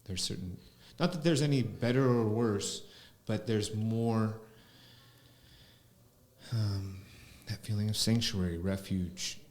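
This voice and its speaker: A man, a spiritual teacher, talking slowly and reflectively as a podcast guest, often pausing with fillers. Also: fairly low pitch, a little mellow. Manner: slow, musing, with frequent fillers. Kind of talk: reflective conversational talk. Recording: roomy echo.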